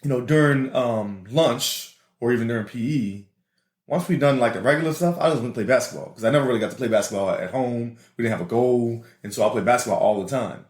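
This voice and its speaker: A man's voice: medium pitch, fast talker, roomy sound. A man with a New Orleans accent, co-hosting a podcast and telling laughing stories about his school days. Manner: laughing, animated storyteller. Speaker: podcast co-host. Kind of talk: casual storytelling chat.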